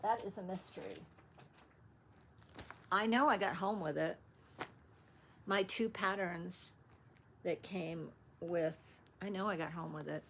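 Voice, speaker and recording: A woman's voice: on the low side, takes it slowly, long pauses, a bit bright, slight background noise. A woman vlogger chatting casually about her stitching patterns, rambling and interrupting herself as she searches. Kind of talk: casual show-and-tell chat.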